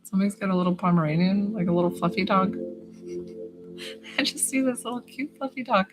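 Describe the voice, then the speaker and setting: A woman's voice: mid-range voice, big pitch swings, normal speed, poor audio. A woman, a psychic healer, chatting casually and bubbly on a live stream, greeting viewers by name. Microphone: phone camera. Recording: live stream with music playing behind. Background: music.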